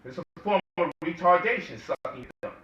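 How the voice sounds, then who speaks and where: A man delivers an impassioned lecture-style talk, peppered with rhetorical questions and mocking quotes. His voice is bright and fairly high. He sounds some way from the mic in an echoey room. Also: lively intonation, a little fast, recorded from a distance, lo-fi sound. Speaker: guest speaker.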